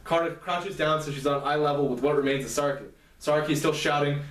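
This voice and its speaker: A man casually retelling a novel's plot as a lecture, halting and restarting often. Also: fairly high pitch, fairly even intonation, fairly bright tone. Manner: halting, many fillers and restarts. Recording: roomy, distant mic.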